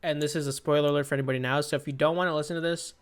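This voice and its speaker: A young man co-hosts a casual comedy podcast, rambling through self-deprecating stories packed with fillers. His voice is a little high and steady in tone, and he talks very fast.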